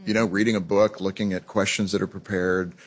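A man hosting an interview, chatting in a relaxed, conversational way. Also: low-pitched, fairly quick. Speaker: radio show host. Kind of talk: casual interview chat.

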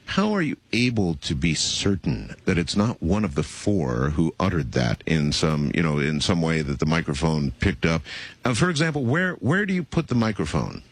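A man's voice: deep voice, very animated, normal speed, breathy edge. A man hosting a radio interview, asking probing, skeptical questions. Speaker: radio host.

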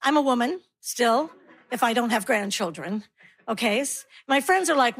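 A woman's voice: a little high, lively intonation, moderate pace, slightly rough. A woman in her sixties doing stand-up comedy on stage, wry and self-mocking, acting out other people's lines. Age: 60s. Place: comedy stage before a laughing crowd.

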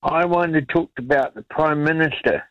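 A man's voice: a little high, moderate pace, no room sound. A man phoning a radio show, rambling and indignant over a slightly muffled line. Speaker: radio caller. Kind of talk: phone-in chat.

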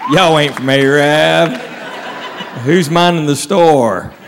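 A man telling stand-up stories, with wry, drawn-out punchlines. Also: fairly high pitch, big-room sound. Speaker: stand-up comedian. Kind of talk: stand-up storytelling. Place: comedy stage before a live audience. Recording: noisy live show with crowd laughter. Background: audience laughing.

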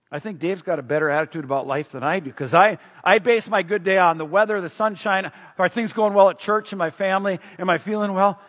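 A man preaching to his congregation in a conversational, animated way, pausing to get them to shout answers back. His voice sits high and a little husky. The recording is muffled, with a long echo from a large hall. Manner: animated, conversational storytelling with audience prompts. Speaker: pastor. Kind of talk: sermon.

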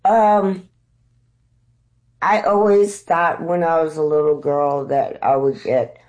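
A middle-aged woman from the United States, an actress being interviewed, telling lively stories and laughing often. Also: low-pitched, slow pace, rough recording. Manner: animated storyteller, laughs often. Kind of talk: conversational interview storytelling.

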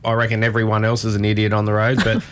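A man's voice: on the low side, monotone, very fast, a little hiss or hum. An Australian man co-hosting a casual chat, telling rambling, laid-back stories full of fillers.

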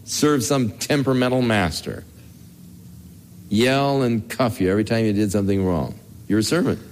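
A man's voice: on the low side, normal speed. An older man, a pastor, giving a folksy, conversational Bible teaching sermon, telling family stories with chuckles. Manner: folksy, storytelling, chuckles as he talks.

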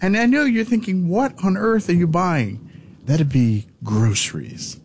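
A man's voice: high voice, animated, unhurried, slight background noise. A man co-hosting a podcast in casual chat, reading out facts and telling small stories. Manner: chatty, reads facts aloud. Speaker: podcast co-host.

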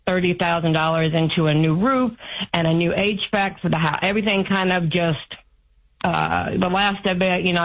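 A woman in her fifties calling in to an advice show, talking anxiously and rambling with restarts. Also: lowish voice. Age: 50s. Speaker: caller. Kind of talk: call-in advice conversation. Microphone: phone line. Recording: muffled phone call audio.

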